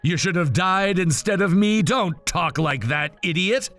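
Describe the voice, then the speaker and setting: A man voicing a gentle, resigned male swordsman speaking softly and slowly. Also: high-pitched, faint music behind, pitched above the performer's own voice. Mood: tender.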